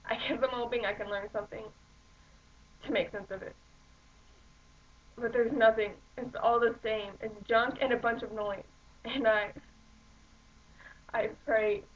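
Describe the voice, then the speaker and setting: A woman's voice: on the high side, steady tone, measured pace, pauses often, muffled recording, a little hiss or hum, close to an everyday voice. A woman reading a monologue as a young woman who lost her whole family, desperate and close to tears. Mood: despairing. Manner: desperate, pleading, on the edge of tears.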